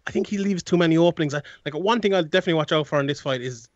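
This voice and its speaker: A man's voice: fairly high pitch, very fast, dry recording, lo-fi sound. A man, a guest analyst in a casual sports chat, rambling with many restarts and frequent laughs.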